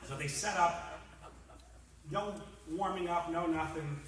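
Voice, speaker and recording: A man giving a comic roast speech in a large banquet hall, telling stories in a lively way and acting out the characters. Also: fairly high pitch, slow pace, crowd noise. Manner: lively storyteller, acts out the characters. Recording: echoey hall, distant mic.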